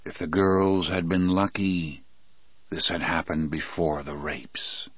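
A man narrating a first-person audiobook in a measured, grave, unhurried manner. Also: deep voice, little pitch movement, no room sound.

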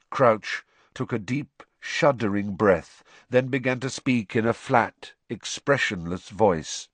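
A man reading a novel aloud in measured, expressive storytelling. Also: fairly low pitch, slightly rough, dry recording. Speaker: audiobook narrator. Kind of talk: scripted narration.

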